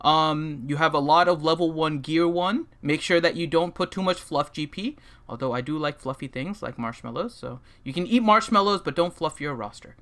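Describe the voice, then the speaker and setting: A man's voice: a little high, normal speed, few pauses, a bit bright. A man hosting a casual gaming livestream, joking and rambling with plenty of fillers as he introduces people and reviews a game roster.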